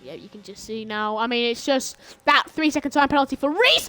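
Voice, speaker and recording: A young woman commentating a live sim race on stream, grumbling between calls and bursting into excited shouts during battles. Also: a little high, a little fast, hardly any pauses.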